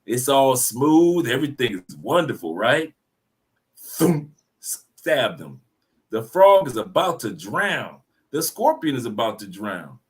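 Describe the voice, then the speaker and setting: A man co-hosting a casual discussion, animated and preachy, with slangy talk and repeated words. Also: medium pitch, slow pace.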